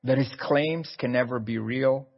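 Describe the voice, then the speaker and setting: A man's voice: mid-range voice, measured pace, in a large hall, muffled recording. A man preaching a sermon in an earnest, pleading way, often repeating his words.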